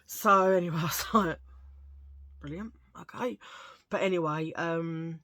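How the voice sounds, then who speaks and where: Cockney lady vlogging, lowish voice, dry sound, jokey rambling chit chat. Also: unhurried, a bit bright, dry recording. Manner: chatty, jokey storytelling with asides. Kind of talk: casual chat. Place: at home, sitting under a lamp.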